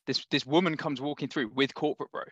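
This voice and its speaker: A man's voice: medium pitch, fast, breathy edge, no echo, dull audio. London man telling stories on a podcast. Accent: London English. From England. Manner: animated anecdotal, laughs often. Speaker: startup founder guest. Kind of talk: casual podcast storytelling.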